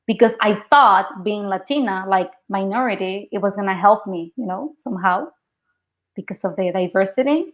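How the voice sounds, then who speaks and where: A woman's voice: medium pitch, moderate pace, highs cut off. A young woman from Mexico with a Mexican Spanish accent, an actress and guest, telling stories in a casual interview chat. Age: young adult. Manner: lively storytelling, quoting others, laughing often.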